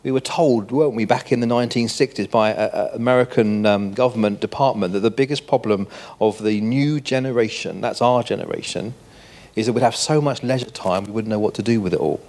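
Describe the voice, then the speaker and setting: A man's voice: on the low side, fairly quick, darkish tone. An older man giving a conversational sermon, full of rhetorical questions to the congregation. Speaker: preacher.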